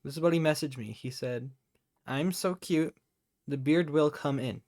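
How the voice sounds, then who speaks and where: A man's voice: on the high side, moderate pace, darkish tone. A man co-hosting a casual podcast, goofy and jokey, protesting in an exaggerated way. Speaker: podcast co-host.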